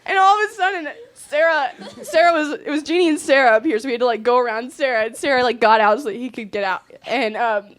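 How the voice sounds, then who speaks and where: A teenage girl with a high voice tells a funny travel story to a gathered audience. She is animated, laughs often and acts out what everyone said. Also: quick pace, few pauses. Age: teens. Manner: animated, laughing, acting out quotes. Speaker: student sharing a trip story.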